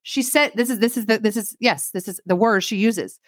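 A woman's voice: mid-range voice, fairly quick, no room sound, clean studio sound. A woman co-hosting a podcast, sardonically retelling a film in casual chat, saying "like" often and acting out the lines she quotes. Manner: sardonic, animated storytelling with acted-out quotes; says "like" very often. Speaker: podcast co-host.

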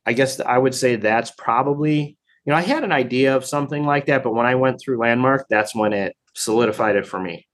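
A man talking in a relaxed interview as a training program director, thoughtful and full of fillers and restarts. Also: mid-range voice, fairly quick, hardly any pauses. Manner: reflective, many fillers and restarts. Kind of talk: casual conversation.

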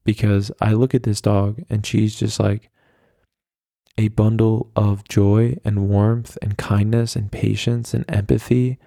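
Young guy doing a solo podcast, low gravelly voice, pretty flat, dry close mic, rambly and self-deprecating. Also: a little slow, dry recording. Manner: rambling, self-deprecating, chatty with many fillers. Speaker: podcast host. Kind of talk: casual solo podcast monologue.

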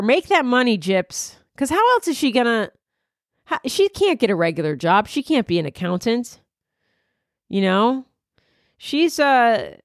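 A woman's voice: a little high, dry recording, clean studio sound. A woman comedian hosting her podcast, rambling through a crude, self-mocking comedic monologue. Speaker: comedian host.

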